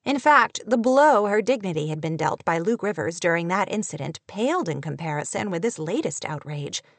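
A woman narrating a novel audiobook in a measured, even storytelling manner, recorded on a close studio mic. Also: lowish voice, no echo. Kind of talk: scripted narration.

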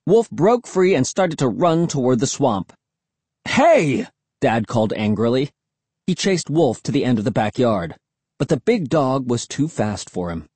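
A man narrating a first-person storybook in an expressive, tense storytelling manner. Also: mid-range voice, moderate pace, breathy edge, no room sound. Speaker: audiobook narrator.

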